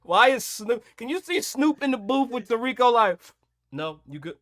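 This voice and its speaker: Animated, jokey male podcast host. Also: extremely high pitch, moderate pace, no echo, clean studio sound. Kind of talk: casual chat.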